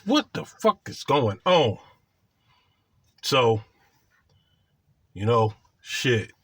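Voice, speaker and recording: A man's voice: a little high, no room sound. A man casually telling a crude, boastful personal story, swearing freely as he goes. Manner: profane, boastful and animated.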